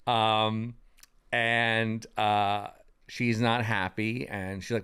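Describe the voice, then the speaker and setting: A man with a lowish, smooth voice talks through his character's scene in a casual podcast. He rambles, restarting sentences and filling pauses as he goes. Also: little pitch movement, a bit bright, dry recording, studio quality. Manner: rambling, lots of fillers and restarts. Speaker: tabletop role-play player. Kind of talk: casual recap of a game scene.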